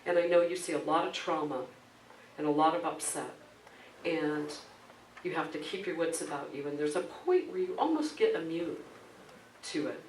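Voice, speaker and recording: A woman's voice: low-pitched, normal speed, slight background noise. A middle-aged woman minister preaching a conversational sermon, telling a personal story with frequent laughs. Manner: animated storytelling, laughs often, acts out quoted voices. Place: church sanctuary. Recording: echoey room, mic at a distance.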